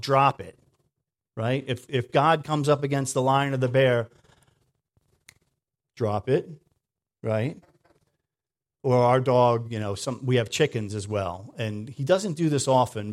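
Man preaching with loud-to-quiet swings. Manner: dynamic, swings from loud emphatic lines to quiet low asides; conversational, with frequent "right?" checks. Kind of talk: sermon.

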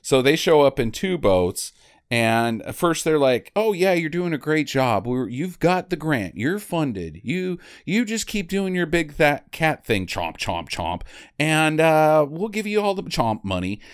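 A man's voice: a little high, measured pace, smooth. A man chatting casually about a film, telling it with silly impressions and sound effects. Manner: animated storytelling with silly impressions. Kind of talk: casual movie chat.

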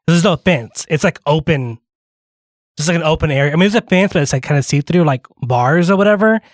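A man's voice: on the high side, animated, a little fast, no echo, studio quality. A man co-hosting a radio show, telling a rambling story in casual chat, full of fillers and restarts, with a slight lisp from retainers.

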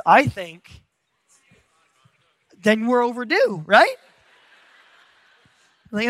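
A man's voice: high voice, animated, unhurried, long pauses, sharp tone, no echo. A man from San Diego preaching a sermon in a church, telling stories with joking, self-deprecating humor. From San Diego, USA. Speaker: pastor. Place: church stage.

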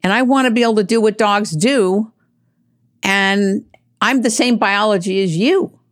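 A woman's voice: medium pitch, unhurried, close to an everyday voice. Woman voicing an insistent rabbit. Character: insistent rabbit claiming to be a dog.

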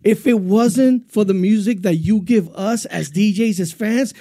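A man's voice: high voice, unhurried, warm tone. A man hosting a music countdown show, hyped and effusive, often stumbling over his words. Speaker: radio DJ host.

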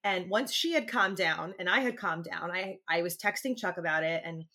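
A woman's voice: on the low side, moderate pace. A woman in her thirties co-hosting a podcast, chatting casually and telling a story with acted-out outbursts. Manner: animated storytelling, acts out shouted quotes. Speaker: podcast co-host. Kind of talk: casual chat.

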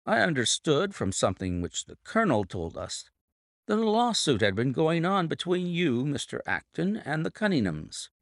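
A man reading an audiobook, voicing a brilliant male detective explaining a case in a measured, deliberate way. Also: fairly high pitch, big pitch swings, no room sound, studio quality, pitched above the performer's own voice.

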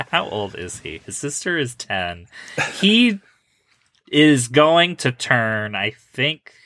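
A man co-hosting a casual film podcast, telling stories in an animated, profane way. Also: mid-range voice, slow, slight background noise. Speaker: podcast co-host.

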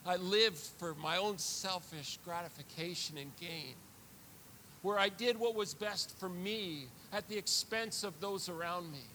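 Man, pastor, sermon, high voice, earnest, confessional, repeats words, faint rumble. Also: bright, forceful tone. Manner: earnest, confessional preaching with repetitions.

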